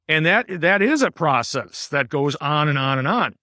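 Bright, crisp-voiced man teaching Bible class. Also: on the high side, expressive, moderate pace, no echo, studio quality. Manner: explanatory, asks the class questions, many uh fillers. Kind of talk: conversational Bible study teaching. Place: room with a small class present.

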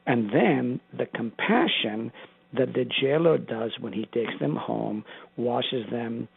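A man's voice: mid-range voice, slow, vocal fry, husky, no echo. A pastor, a man, teaching a Bible study in an earnest, emphatic preaching manner. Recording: tinny phone line.

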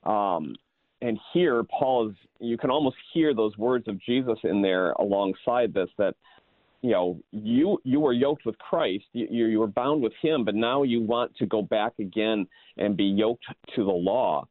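A man's voice: fairly low pitch, a little slow, no echo. A male pastor explaining scripture earnestly in a casual discussion, with many fillers. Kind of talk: casual Bible study discussion. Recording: tinny phone-like line.

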